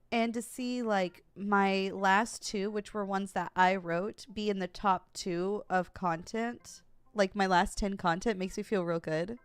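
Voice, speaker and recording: In this casual livestream, a young woman talks animatedly with her viewers, laughing a lot and addressing chat directly in a giggly manner. Her pitch is medium, and the recording is dry.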